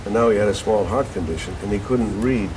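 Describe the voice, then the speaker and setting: Older male actor guest, lowish pitch, chatty storyteller, local studio interview. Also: fast, noisy background. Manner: animated storyteller, rambling with restarts.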